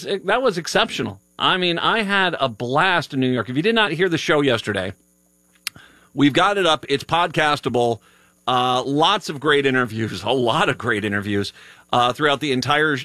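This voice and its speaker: A man's voice: a little high, pushed and bright, no echo. A tired man hosting a live radio show, chatting casually and rambling with many restarts. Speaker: radio host. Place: radio studio.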